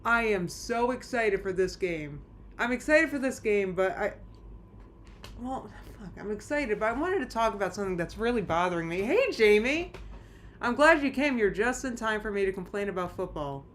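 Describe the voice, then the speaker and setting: A woman livestreaming from her room, talking to her chat at a middle pitch. She rambles and restarts, sounding anxious. A faint hiss of noise sits under her voice. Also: lively intonation, normal speed. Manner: rambling, anxious, many restarts and nervous laughs. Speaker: streamer chatting with live chat. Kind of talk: casual live-stream chat.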